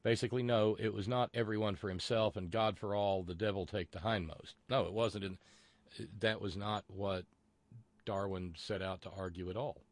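Low, dry-voiced rambling radio host. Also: male voice, fairly even intonation, normal speed, dry recording. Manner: rambling, chatty, many fillers and restarts; wry, sardonic asides. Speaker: radio talk show host. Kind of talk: casual call-in radio talk.

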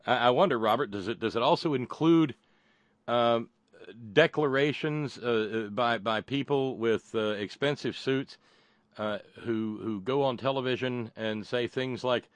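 A man's voice: mid-range voice, measured pace, dry recording. A man hosting a call-in talk radio show, rambling and sardonic, with stammering restarts.

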